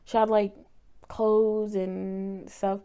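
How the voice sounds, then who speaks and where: A woman's voice: medium pitch, little pitch movement, extremely slow, warm tone, clean tone. A young woman vlogger telling a painful personal story in a candid, emotional way, sometimes swearing.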